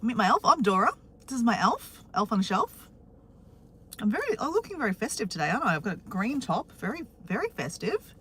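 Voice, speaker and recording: A woman's voice: on the high side, very animated, brisk, a bit bright, a little hiss or hum. A woman with an Australian accent chatting casually on a live stream from her car, greeting viewers by name.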